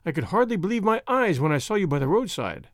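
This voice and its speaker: A man reading the lines of a calm, capable woman doctor in a storybook, speaking in a soothing, measured way. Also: high-pitched, dry recording, studio quality.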